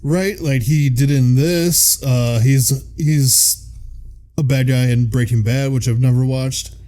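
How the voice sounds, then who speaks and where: A man's voice: mid-range voice, fairly even intonation, slow, mellow. A man with a Midwestern American accent, chatting casually as a podcast co-host and reading out episode summaries. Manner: casual, laughs often, curses freely.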